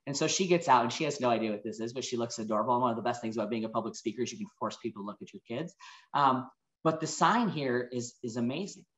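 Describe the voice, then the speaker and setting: In an earnest and emotional talk, a forty-something motivational speaker recounts personal stories, pausing to reflect. He speaks in an animated, somewhat bright medium-pitched voice, and the audio is reverberant.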